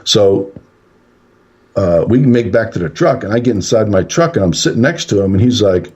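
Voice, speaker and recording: A man's voice: on the low side, animated, normal speed, a little mellow, slightly rough. A man, a paranormal investigator and radio guest, rambling through a story and acting out the quotes. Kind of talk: casual storytelling on a radio show. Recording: dull lo-fi radio call.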